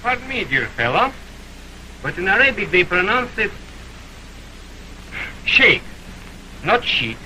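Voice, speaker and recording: A fussy, refined count. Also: male voice, high-pitched, very animated, moderate pace, long pauses, full character voice, rough recording. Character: refined male Russian count in the Legion. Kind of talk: early sound film acting. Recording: loud hiss of an old film soundtrack.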